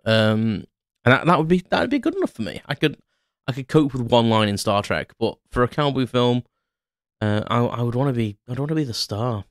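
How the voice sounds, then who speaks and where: A man's voice: medium pitch, big pitch swings, brisk, no room sound, clean studio sound. A man hosting a podcast, rambling in a casual solo monologue with lots of fillers and self-mocking asides. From Ireland. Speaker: podcast host.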